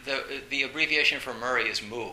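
A man giving a storytelling dharma talk as a meditation teacher, animated, with frequent laughter and many fillers. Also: mid-range voice, brisk. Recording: roomy echo with faint hiss.

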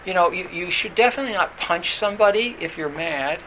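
A man teaching as a Zen teacher in a dharma talk, halting and full of fillers and restarts. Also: sits high, animated, pushed and bright, slight background noise, rough recording.

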